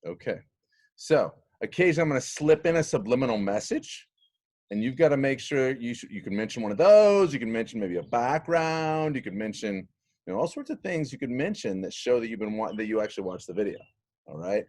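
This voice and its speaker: A man's voice: medium pitch, lively intonation, a little fast, darkish tone. A man teaching an eighth grade Latin class in a recorded video lesson, playful and jokey as he translates a story.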